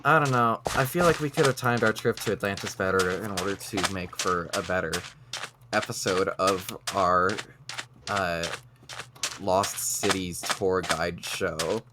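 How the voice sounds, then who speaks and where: A man's voice: sits low, unhurried. A man streaming a game, chatting in an easygoing way, laughing often and trailing off mid-sentence. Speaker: streamer, co-host. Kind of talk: casual chat while gaming. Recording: loud background noise.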